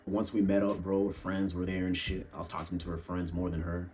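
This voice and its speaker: Deep-voiced blunt young man, swearing freely. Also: completely flat delivery, a little fast, darkish tone. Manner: blunt, profane, calls viewers bro. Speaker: fitness and dating vlogger. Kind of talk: casual monologue to camera.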